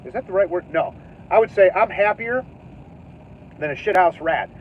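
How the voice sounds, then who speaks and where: A man with a fairly high voice tells a rambling, animated story, swearing and laughing as he acts out his own reactions. The sound is tinny and thin, like a phone call from inside a car. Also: normal speed, slight background noise. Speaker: livestream host. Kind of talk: casual storytelling. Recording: tinny phone-like livestream audio.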